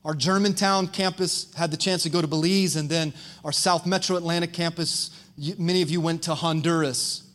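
A pastor with a high, bright-toned male voice delivers a lively sermon. He tells stories with animation and keeps calling out to the congregation to respond. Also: moderate pace. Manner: preaching with crowd call-outs; animated storytelling.

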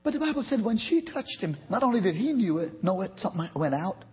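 A middle-aged man preaches a revival sermon in a church, his voice riding high. He swings from shouted calls to hushed storytelling and keeps pulling the congregation in. The recording sounds dull and lo-fi. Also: expressive, fast talker, few pauses. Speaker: pastor. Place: church sanctuary.

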